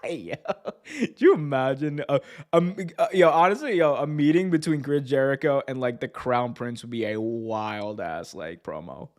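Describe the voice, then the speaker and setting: A man's voice: medium pitch, normal speed. A man hosting a casual wrestling news podcast, rambling, joking and correcting himself as he goes. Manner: rambling, self-correcting, jokey. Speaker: podcast host.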